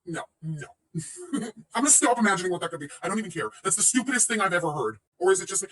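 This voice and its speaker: A woman's voice: on the low side, very animated, fast talker, a bit bright. A woman in her thirties hosting a casual livestream, sarcastic and profane, laughing often as she reacts. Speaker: livestream host reacting to another streamer. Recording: voice a bit far from the mic.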